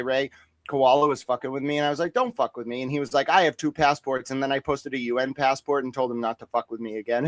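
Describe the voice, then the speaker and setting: A man on a boxing talk stream, joking and boasting in profane, rambling riffs. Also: medium pitch. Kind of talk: casual livestream banter.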